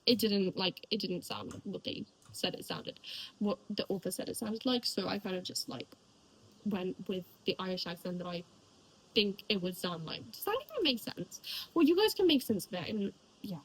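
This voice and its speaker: Young woman chatting to camera about books, kinda husky, says like a lot. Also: mid-range voice, expressive, moderate pace, low-quality recording. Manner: rambling, filler-heavy and chatty, with frequent likes. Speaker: book reviewer. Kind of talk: casual chat.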